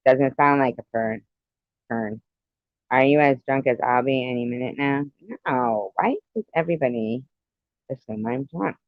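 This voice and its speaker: A man's voice: mid-range voice, normal speed, dry recording, lo-fi sound. A man chatting with viewers on a live stream, giggly and meandering, often trailing off. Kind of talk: casual rambling chat.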